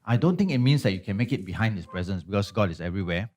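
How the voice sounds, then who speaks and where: A pastor leads a Bible study class conversationally, regularly checking in with listeners through frequent tag questions. His voice is on the low side and a little mellow, with lively intonation and a rapid-fire pace.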